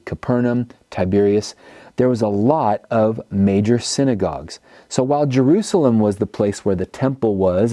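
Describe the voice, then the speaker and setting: A man's voice: lowish voice, dark tone, dry recording, studio quality. A man preaching a teaching sermon, telling the story and acting out quoted speakers. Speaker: pastor.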